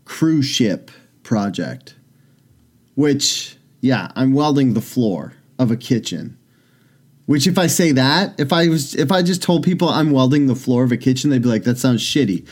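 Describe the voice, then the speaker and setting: A young man co-hosting a casual comedy podcast, rambling and self-mocking, and jumping into silly high voices when he quotes people. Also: animated, unhurried, a little mellow. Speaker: podcast co-host.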